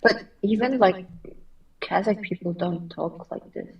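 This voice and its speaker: A woman's voice: fairly low pitch, measured pace, creaky, far from the mic, highs cut off. A woman guest on a podcast in casual chat, speaking unhurriedly with some hesitation. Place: podcast recording in Seoul.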